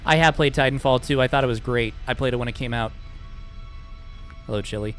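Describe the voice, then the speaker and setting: A man's voice: medium pitch, a little fast, a bit bright, faint music behind. A man chatting casually with his live-stream chat while speedrunning a game, joking sarcastically and swearing freely.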